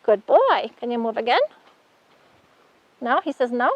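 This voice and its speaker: A woman's voice: fairly high pitch, lively intonation, a little slow, dry recording, highs cut off. A woman teaching a horsemanship workshop, talking casually while working with a horse and often praising it. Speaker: horsemanship instructor. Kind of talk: hands-on outdoor lesson demonstration.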